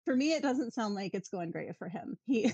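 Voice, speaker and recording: A woman's voice: fairly high pitch, lively intonation, darkish tone, breathy edge, dry recording, highs cut off. Wry, sweary woman co-hosting a podcast. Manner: wry, sweary, quick asides. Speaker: podcast co-host. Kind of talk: casual chat.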